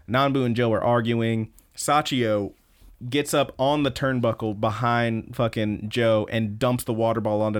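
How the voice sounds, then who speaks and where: A man on a casual podcast recaps a story in a loose, profane way, acting out bits of quoted lines as he goes. His voice sits a little low for a man. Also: clear, resonant tone. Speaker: podcast co-host.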